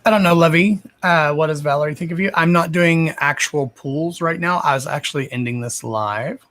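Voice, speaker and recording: A man's voice: on the high side, moderate pace, a bit bright. A young man hosting a psychic reading livestream, chatting casually with viewers by name, swearing freely and laughing often.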